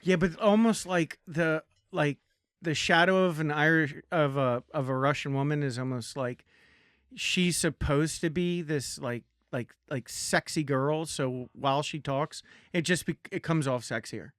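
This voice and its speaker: Halting young man, higher voice, dry sound. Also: a bit bright, dry recording. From Baltimore area, Maryland. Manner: halting, restarts and repeats words. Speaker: podcast co-host or guest. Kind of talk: casual podcast chat.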